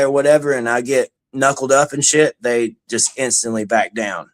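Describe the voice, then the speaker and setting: A man's voice: mid-range voice, brisk, hardly any pauses, fairly bright tone. Swaggering profane busker man. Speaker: street banjo busker. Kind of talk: casual chat.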